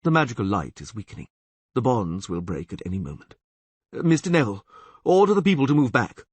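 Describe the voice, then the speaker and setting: A man voicing a gloomy, grave priest in an audiobook, speaking in a measured way. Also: mid-range voice, big pitch swings, husky, no room sound. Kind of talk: audiobook character voice.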